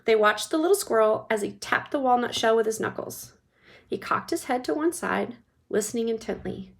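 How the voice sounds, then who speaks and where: A woman's voice: fairly high pitch, moderate pace, vocal fry. Woman reading a children's book aloud. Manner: expressive storytelling. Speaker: reader.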